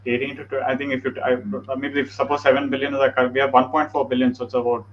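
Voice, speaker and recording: A man's voice: medium pitch, little pitch movement, racing. A man speaking as a panel guest, earnest and filling his speech with "uh" and "like". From India. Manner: earnest, lots of uh and like. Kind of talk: discussion. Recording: dull lo-fi call audio, faint noise.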